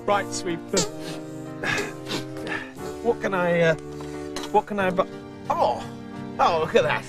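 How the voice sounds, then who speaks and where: A man's voice: high voice, takes it slowly, loud music behind the voice. A man hosting a comic children's puppet show, fussing and exasperated as he keeps giving in.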